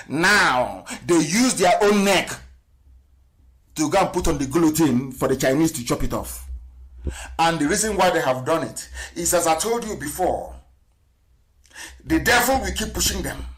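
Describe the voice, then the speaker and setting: A man's voice: sits high, animated, normal speed. Fiery man lecturing on air. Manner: rhetorical, spells words out letter by letter, swings between loud and hushed. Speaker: political broadcaster. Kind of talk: impassioned live radio lecture.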